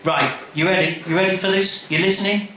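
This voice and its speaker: A man reads as a cocky young show-off, voice nudged upward and lively. It sounds bright, with a strong live-room echo. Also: high voice, brisk, pitched above the performer's own voice. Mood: teasing. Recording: echoey live room, faint background noise.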